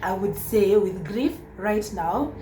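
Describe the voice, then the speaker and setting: A woman's voice: mid-range voice, expressive, slow pace, reverberant, music in the background, low-quality recording. Chatty Kenyan woman vlogging. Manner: chatty, exclamatory, switches between English and Swahili. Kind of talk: casual vlog monologue.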